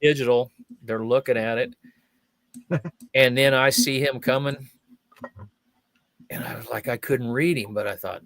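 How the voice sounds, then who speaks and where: A man's voice: mid-range voice, normal speed, long pauses, no room sound. An older man, a guest magician and fire eater, telling stories in a chat show and acting out the people in them. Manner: lively storyteller, acts out quoted voices. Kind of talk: anecdotal storytelling in a chat show.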